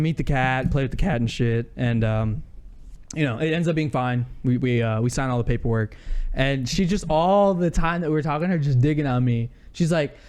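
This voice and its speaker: A man co-hosting a podcast, telling a story in casual chat, animated and laughing often. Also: a little high, normal speed. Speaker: podcast co-host.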